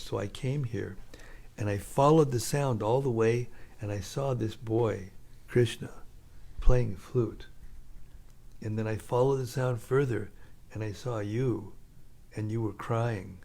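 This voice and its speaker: A man's voice: on the low side, gravelly, a little mellow. A man voicing a goddess who tells her story earnestly, in his own plain voice. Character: goddess, Krishna disguised as a woman.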